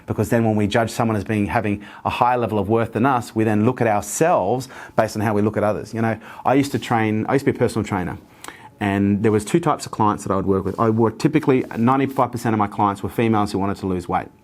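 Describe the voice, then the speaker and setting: In this motivational interview, the male guest talks quickly in a fairly low voice. His manner is earnest, and he spins stories full of repeated phrases.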